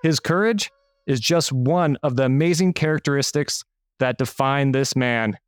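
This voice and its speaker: A man's voice: mid-range voice, moderate pace, dry recording, studio quality. A man hosting an interview podcast, upbeat and playful, hyping up his guest. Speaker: podcast host. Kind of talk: scripted intro, then casual interview.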